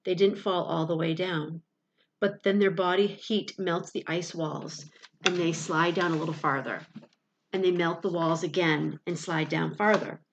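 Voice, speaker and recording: A woman with a lowish voice reads a tense first-person story as an audiobook. Her delivery is expressive and dramatic, and the recording sounds dull and lo-fi. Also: unhurried, a little hiss or hum. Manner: expressive dramatic reading, loud cries in the dialogue. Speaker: audiobook reader.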